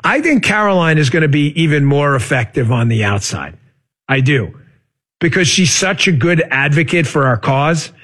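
A man hosting a political talk show, talking casually and animatedly, sarcastic at times, with sudden jumps into shouting. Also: a little high, very animated, moderate pace.

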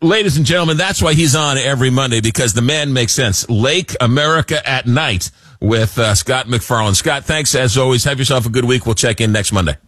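Male radio talk host, mid pitch, animated and joking, dry studio sound. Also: quick pace, few pauses, dry recording. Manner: animated, jokey, repeats words when excited. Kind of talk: late-night radio talk. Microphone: studio microphone.

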